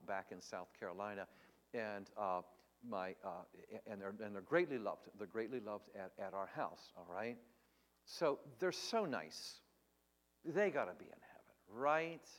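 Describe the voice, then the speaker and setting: A man's voice: on the low side, big-room sound. Earnest preaching man, emphatic questions. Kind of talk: livestreamed Bible Q&A teaching.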